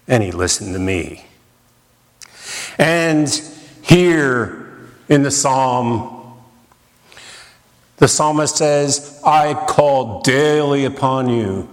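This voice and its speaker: A man preaching a sermon in a dramatic way, with rhetorical questions and repeated lines for emphasis. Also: fairly high pitch. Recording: long reverb of a large hall.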